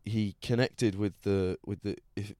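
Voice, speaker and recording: Rambling man, low dry voice. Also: fairly even intonation, unhurried, mellow, no echo. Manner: rambling, restarts often. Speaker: podcast host. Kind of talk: casual chat.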